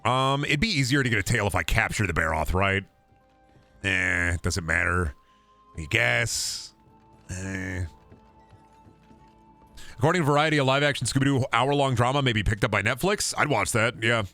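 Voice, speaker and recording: A man streaming a video game, chatting casually and profanely with his viewers in an animated way. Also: fairly low pitch, moderate pace, vocal fry, pauses often, no room sound, faint music behind. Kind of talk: casual gaming stream commentary.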